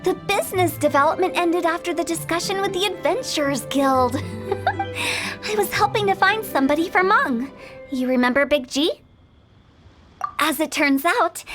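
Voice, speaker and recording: A woman's voice: high-pitched, normal speed, fairly bright tone. A woman voicing a playful, mischievous young funeral director with cheeky sales patter, over game music. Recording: game soundtrack playing under voice.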